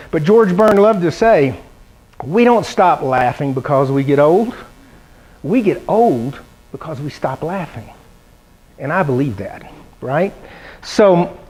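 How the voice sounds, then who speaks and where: A middle-aged man gives a funny keynote address to a conference audience. He tells his stories with lively energy and slips into the voices of the people he quotes. His voice sits a little on the high side. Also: low-quality recording. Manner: animated storytelling, acts out quoted voices. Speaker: keynote speaker. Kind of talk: humorous keynote speech. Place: conference hall.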